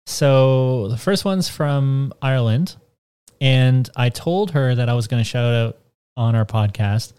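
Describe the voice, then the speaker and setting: North american guy rambling on his podcast, lots of ums, middle-pitched voice. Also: a little slow, darkish tone, smooth. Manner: rambling, filler-heavy storytelling. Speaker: podcast co-host. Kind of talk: casual chat.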